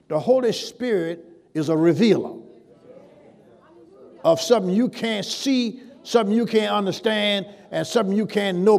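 A man delivers a sermon in a slightly raised voice. He talks his listeners through scripture in a loose, conversational way. Then he slows and swells loud on the key words. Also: high voice, creaky. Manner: preacherly, drawn-out emphasis on scripture with sudden loud swells. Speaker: pastor.

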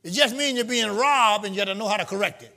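A man preaching a sermon to a live congregation, calling out questions, teasing the listeners and rising into shouts. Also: sits high, quick pace, creaky. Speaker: pastor. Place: church before a live congregation.

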